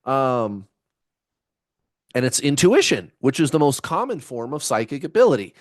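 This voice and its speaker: A man's voice: medium pitch, big pitch swings, moderate pace, no echo. Laid-back rambling man, dry sound. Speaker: spiritual vlogger. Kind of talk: casual chat to camera.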